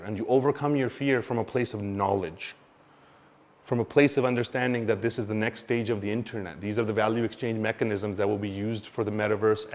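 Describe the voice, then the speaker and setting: A man teaching about crypto market cycles in an animated, expressive way, swinging between loud and quiet and mimicking panicked investors. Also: lowish voice. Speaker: crypto educator. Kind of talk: explanatory talk to camera.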